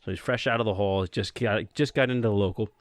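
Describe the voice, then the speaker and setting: Male podcast host, animated storyteller. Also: fairly low pitch, quick pace, no room sound. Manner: animated storyteller, laughs easily. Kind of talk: casual chat between old friends.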